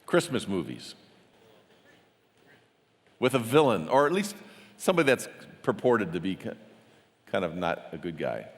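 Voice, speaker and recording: A man teaches a Bible study to a gathered audience, chatting loosely and quizzing them as he goes. His voice sits fairly low and he often trips and restarts his words. The sound rings out with the long reverb of a large hall. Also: very animated, normal speed, pauses often.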